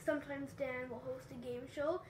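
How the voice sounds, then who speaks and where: Canadian woman co-host, gushing and enthusiastic, high voice, echoey room. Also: steady tone, moderate pace, darkish tone, recorded from a distance, slight background noise. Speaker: podcast co-host. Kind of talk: casual chat.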